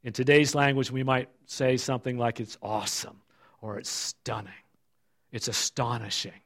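A middle-aged male pastor giving a sermon and reading scripture aloud, emphatic, then falling soft and low for asides. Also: flat delivery, normal speed, vocal fry.

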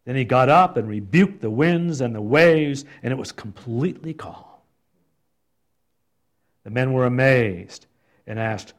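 A man leading a Bible study, reading scripture and reflecting on it in an expressive, thoughtful way. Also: medium pitch, measured pace, pauses often. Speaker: Bible teacher.

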